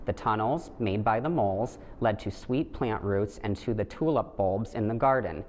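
Deep-voiced man reading a picture book. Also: normal speed, slight background noise. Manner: gentle, steady storytelling with light voices for the animals. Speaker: storybook reader. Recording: long hall reverb.

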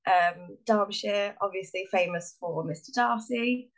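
An English woman chatting on a podcast as a guest author. She talks in a relaxed, hesitant way, dotting her sentences with ums. She laughs easily as she goes. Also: medium pitch, unhurried, rough recording. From England. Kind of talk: casual podcast chat.

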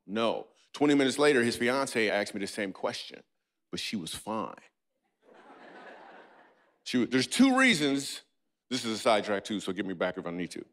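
A man's voice: very animated, fairly quick, a bit bright. Playful man doing stand-up. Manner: playful, riffing with the audience, breaks into squeaky and goofy voices. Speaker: comedian. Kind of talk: stand-up comedy set in a church. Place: church stage before a live audience.

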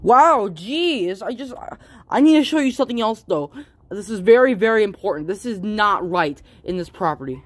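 A woman's voice: medium pitch, animated, moderate pace, no room sound, close to an everyday voice. A woman voicing a nagging, bossy male landlord in a homemade plush toy skit. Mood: fussy.

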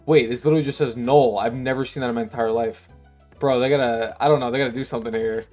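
A man narrates his own gameplay in a loose, casual way, slangy and quick to cheer or complain. His voice sits at an ordinary middle pitch. Faint music plays quietly behind him. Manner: excitable, slangy, swears freely. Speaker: gaming YouTuber. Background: faint background music.

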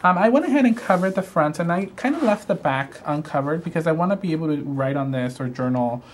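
A man's voice: on the high side, animated, fast talker, slight background noise. A man hosting a live craft show, walking through products in a gushing, chatty way with frequent "um" fillers.

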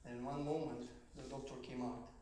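A man with a Romanian accent telling his life story as a motivational speaker, slow and dramatic, rising to shouts at the peaks. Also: mid-range voice, steady tone. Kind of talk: personal story speech. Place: large event hall on stage. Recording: echoey hall from far off, faint noise.

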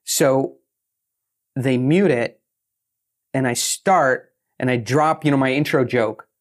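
A man who is a guest on an interview show, telling lively stories and acting out what others said. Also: medium pitch, slow. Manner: animated, acts out quotes. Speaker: guest, pitching author. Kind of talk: storytelling interview talk.

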